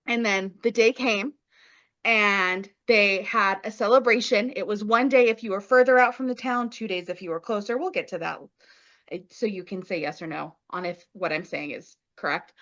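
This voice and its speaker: A woman's voice: mid-range voice, normal speed, fairly bright tone, lo-fi sound. A woman co-hosting a podcast, casually retelling a story in playful slang and acting out the characters' lines. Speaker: podcast co-host.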